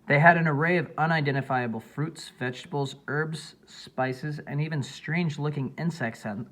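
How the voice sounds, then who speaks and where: Brief: male audiobook narrator, plain steady storytelling. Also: medium pitch. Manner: plain, steady reading with small slips.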